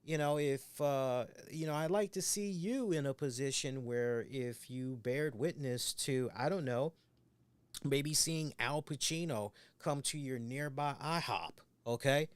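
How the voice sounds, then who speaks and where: A man co-hosting a casual talk show, rambling through stories with plenty of swearing and little acted-out voices. His voice sits at an ordinary middle pitch. The sound is dry and close, with no room echo. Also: moderate pace. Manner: rambling, profane, acts out quoted voices. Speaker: co-host. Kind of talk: casual podcast chat.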